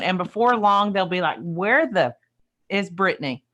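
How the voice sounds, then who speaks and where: Expressive woman telling a story. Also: fairly low pitch, a little slow. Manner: expressive, emphatic, folksy. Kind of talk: casual coaching chat, storytelling.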